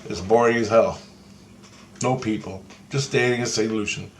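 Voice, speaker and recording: A man telling a rambling, profane first-person story of a vision, excitably acting out what others said to him. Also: fairly low pitch, moderate pace, a little hiss or hum. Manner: profane, excitable storytelling that acts out quoted voices.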